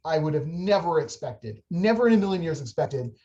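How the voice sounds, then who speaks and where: A young adult woman telling a funny story in a casual church chat, animated and laughing, with many restarts. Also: sits low, a little fast, highs cut off. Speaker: church staff member on a video chat.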